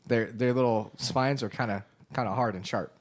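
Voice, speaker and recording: A man's voice: mid-range voice, steady tone, moderate pace. A man co-hosting a tabletop game podcast, crude and rowdy, laughing often as he jokes around. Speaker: player and co-host. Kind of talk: casual podcast chat.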